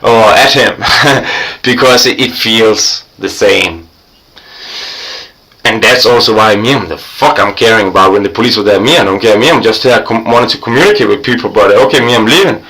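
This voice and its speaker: Profane, excitable man with bright voice. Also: lowish voice, normal speed, low-quality recording. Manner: profane, excitable, swings between loud and quiet. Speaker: vlogger. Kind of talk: rambling storytelling monologue.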